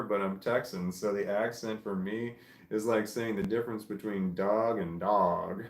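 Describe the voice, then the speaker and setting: A man hosting a live stream, reading viewer comments aloud in casual chat and chuckling often. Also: mid-range voice. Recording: echoey room.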